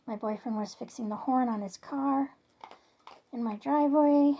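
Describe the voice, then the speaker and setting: A woman with a slightly high voice recounts a neighborhood story for her vlog. She talks in a loose, rambling way, full of ums and self-corrections. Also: normal speed, warm tone. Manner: chatty, rambling, many fillers and restarts. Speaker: vlogger. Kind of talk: casual storytelling to camera.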